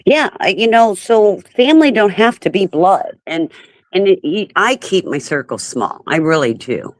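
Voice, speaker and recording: A woman's voice: medium pitch, lively intonation, normal speed, dry recording. A woman in her fifties hosting a live stream, chatting casually and laughing often. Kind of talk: casual chat.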